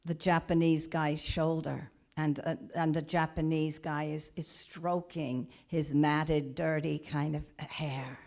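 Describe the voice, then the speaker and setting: A woman minister retelling a story in a sermon, gentle and halting, with frequent restarts. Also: deep voice. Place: church or spiritual center.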